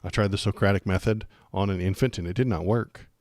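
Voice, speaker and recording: A man's voice: deep voice, steady tone, brisk, a little mellow, no echo, clean studio sound. A man hosting a political livestream, chatting casually and rambling with jokes and lots of fillers.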